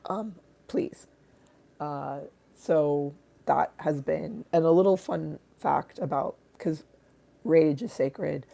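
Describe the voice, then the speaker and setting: Hoarse raspy woman on a livestream. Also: deep voice, slow, dark tone. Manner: rambling, many fillers and restarts. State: hoarse from screaming. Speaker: artist hosting a livestream. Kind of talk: casual livestream chat.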